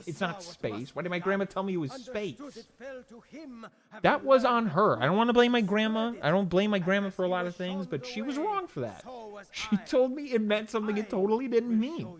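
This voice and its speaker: A young man chatting casually while streaming a video game, with a voice sitting a little on the high side. He talks in an animated rush, swearing freely as he tells stories. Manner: animated, profane storytelling. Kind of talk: casual gameplay commentary.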